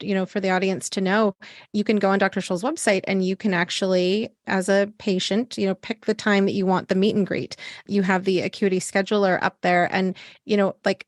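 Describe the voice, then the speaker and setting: A middle-aged woman, a physician who hosts a podcast, asking questions enthusiastically and jumping up in pitch as she tells stories. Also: no room sound, clean studio sound. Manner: enthusiastic, lively pitch jumps when telling stories. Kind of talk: casual interview talk.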